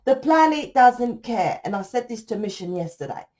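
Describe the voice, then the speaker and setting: A woman's voice: a little high, lively intonation, moderate pace, mellow. A woman, a tarot reader in a casual spiritual monologue, blunt and profane, rambling and tagging sentences with "right?".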